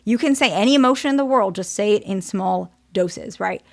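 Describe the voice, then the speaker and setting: A woman's voice: mid-range voice, fairly quick, gravelly. A woman therapist giving a casual, direct teaching talk, often checking in with "okay?".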